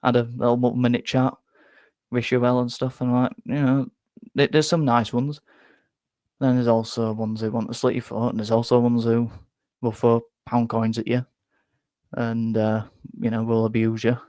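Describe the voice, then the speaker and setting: A young man hosts a casual football fan live stream and answers viewer comments. He rambles and stumbles, often repeating words as he goes. His voice sits at an ordinary middle pitch, and the recording is dry and close. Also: flat delivery, normal speed, darkish tone, no echo. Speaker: fan channel host.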